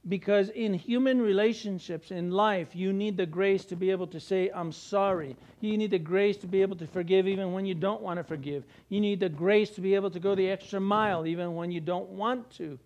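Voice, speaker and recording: Lively high-voiced male preacher. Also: a little fast, few pauses, muffled recording. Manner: animated, jokey asides with acted-out quotes. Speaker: pastor. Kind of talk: sermon.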